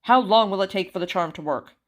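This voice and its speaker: A woman reading a storybook aloud, voicing a commanding but easily flustered king who barks orders and frets loudly. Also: sits high, fairly quick. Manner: bossy then flustered, loud exclamations. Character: fretful, commanding king, middle-aged man.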